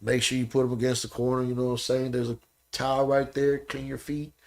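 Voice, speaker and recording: A man talking as a podcast guest, telling animated, profane stories and often asking "you know what I'm saying". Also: mid-range voice, fast. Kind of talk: casual podcast conversation.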